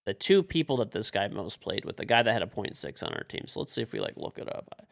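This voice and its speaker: A man's voice: lowish voice, sing-song, fast talker, gravelly, a bit bright. A man streaming a video game live, frustrated and swearing as he mutters to himself and talks to teammates. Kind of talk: live-stream commentary while playing.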